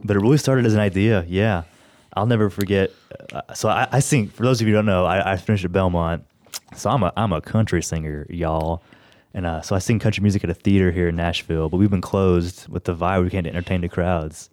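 A man's voice: low-pitched, a little fast, darkish tone. A young man from Tennessee, hosting a radio show in casual, rambling chat and laughing easily. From Tennessee, USA.

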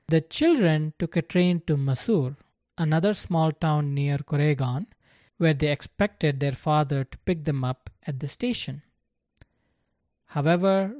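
A narrator reading a story aloud in a slow, deliberate scripted style. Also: mid-range voice, a little mellow, dry recording, studio quality.

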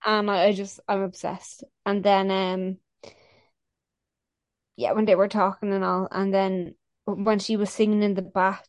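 A woman's voice: mid-range voice, flat delivery, a little slow, no echo. A woman co-hosting a podcast, chatting casually and gushing, rambling with lots of fillers. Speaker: podcast co-host. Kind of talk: casual chat.

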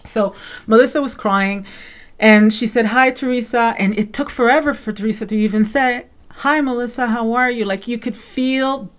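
A woman hosting a casual recap podcast, talking fast and loose with lots of fillers and acted-out quotes. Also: mid-range voice. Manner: chatty, many "like" fillers, acts out quotes. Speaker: podcast host.

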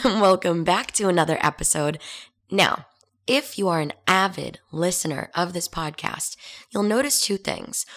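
A raspy-voiced woman in her twenties talks through her solo podcast in a loose, chatty way. Her voice sits low, and she teases herself with a self-mocking edge. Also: a bit bright. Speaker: podcast host. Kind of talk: casual solo podcast chat. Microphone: headphones and studio mic.

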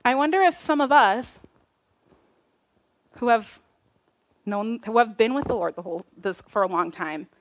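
A woman preacher giving a casual, animated sermon, retelling a parable with slang. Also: fairly high pitch, normal speed, pauses often. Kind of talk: conversational sermon.

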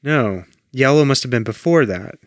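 Lively, teasing male podcast co-host. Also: mid-range voice, normal speed, no room sound, clean studio sound. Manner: easygoing and teasing, talks while fiddling with playback. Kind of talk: casual chat.

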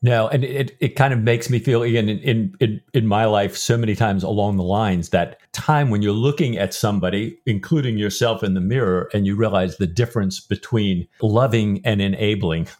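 A man's voice: lowish voice, moderate pace, hardly any pauses, a little mellow. Chatty man musing on a novel. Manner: rambling, reads book passages aloud with feeling. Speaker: podcast co-host. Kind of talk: casual book-discussion chat.

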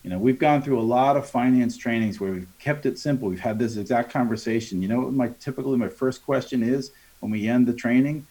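Man coaching on sales, mid-pitched voice. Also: brisk, few pauses, mellow. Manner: coaching tone, acts out customer dialogues, frequent tag "right?". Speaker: sales and financing trainer. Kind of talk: conversational podcast interview.

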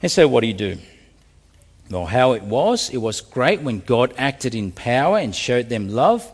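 Expressive male preacher in a big reverberant hall. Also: mid-range voice, a little slow, breathy edge. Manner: expressive preaching, voice rises and drops sharply. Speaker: pastor. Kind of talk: sermon. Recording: long reverb of a large hall.

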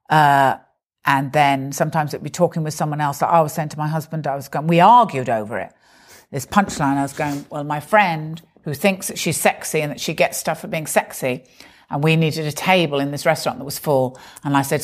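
A woman with a notably low voice talks through her stand-up craft in a relaxed interview. She chats loosely and animatedly, slipping into the voices of people in her stories as she tells them. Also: moderate pace. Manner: chatty, animated, acts out quoted voices. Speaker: stand-up comedian. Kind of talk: conversational interview.

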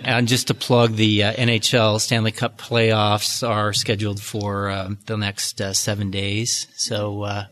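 A man in an audience asking a question in a relaxed, joking way, with frequent hesitant fillers. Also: lowish voice, unhurried, few pauses.

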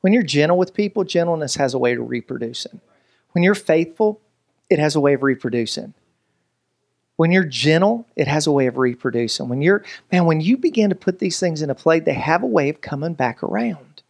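A man, preaching a lively, joking sermon as pastor. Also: fairly high pitch, fairly quick, vocal fry. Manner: animated, joking, preacherly delivery with voices and asides.

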